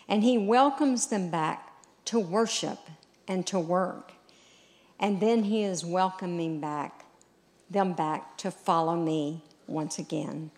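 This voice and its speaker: A middle-aged woman preaching a sermon, telling a story slowly and deliberately and voicing quoted lines. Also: lowish voice.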